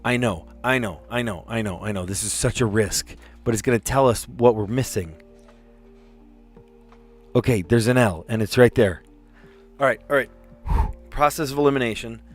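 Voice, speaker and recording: A middle-aged man hosting a casual live stream, thinking aloud through a word puzzle, excitable and self-mocking. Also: mid-range voice, normal speed, long pauses, husky, faint music behind.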